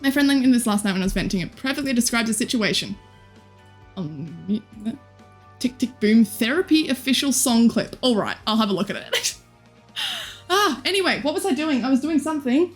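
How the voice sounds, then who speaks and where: A woman's voice: fairly high pitch, expressive, moderate pace, faint music behind. A young woman in her twenties, live streaming and chatting casually with viewers in a bubbly, giggly, teasing way. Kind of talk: casual chat reading viewer comments.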